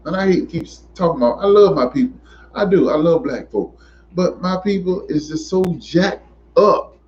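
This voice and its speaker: A man's voice: on the high side, animated, moderate pace. Fired-up man going off in a monologue, repeats himself a lot, muffled lo-fi sound. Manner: preachy, repetitive, emphatic, rising to near shouts. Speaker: commentator. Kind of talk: impassioned monologue to camera. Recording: dull lo-fi recording.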